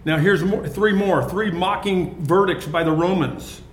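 A man reading a Bible passage aloud and stopping to explain it to a study group, with pauses and restarts. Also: sits high, a little hiss or hum. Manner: reads scripture then explains it with pauses and restarts. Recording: echoey room.

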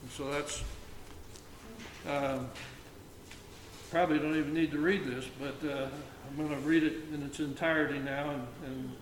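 A man leading an informal Bible reading, reflecting haltingly with many fillers and restarts and reading the verses aloud slowly. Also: a little high, steady tone, far from the mic. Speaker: Bible study leader. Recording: echoey room with faint ambient noise.

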